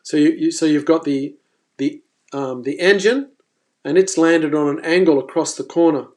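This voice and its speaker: A man hosting a live fishing stream, telling a story in an animated, exclaiming way. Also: fairly high pitch, normal speed. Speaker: fishing presenter.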